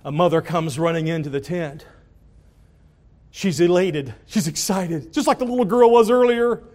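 A man preaching a sermon, telling a story dramatically and swinging from hushed tones to loud calls. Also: on the high side, normal speed. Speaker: pastor.

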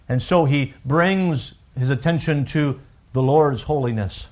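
A man preaching a sermon with emphatic swings from loud declarations to hushed, drawn-out lines, repeating words as he works through a thought. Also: mid-range voice. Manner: unhurried, deliberate, with pauses and repeated words. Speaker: pastor.

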